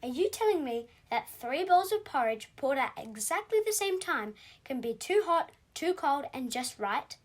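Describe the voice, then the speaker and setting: High, lively woman nitpicking. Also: normal speed, hardly any pauses. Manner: questioning, nitpicking. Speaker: skeptical listener.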